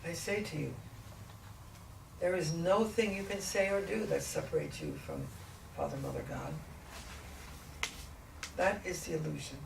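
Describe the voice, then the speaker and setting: A woman in trance channeling a gentle, patient ancient male spiritual teacher, speaking slowly and deliberately with many rhetorical questions. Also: fairly low pitch. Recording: echoey room, distant mic, faint noise.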